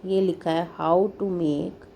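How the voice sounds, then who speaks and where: A woman reads simple children's stories aloud for a lesson, commenting as she goes and clearing her throat now and then. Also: fairly low pitch, steady tone, mellow, a little hiss or hum, low-quality recording. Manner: slow, deliberate reading with little comments and throat clearing. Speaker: English teacher for children.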